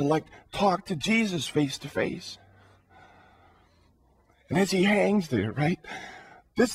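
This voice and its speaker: A man's voice: high voice, a bit bright. A man preaching a sermon in an earnest way, asking the listeners questions and often repeating words as he builds a thought.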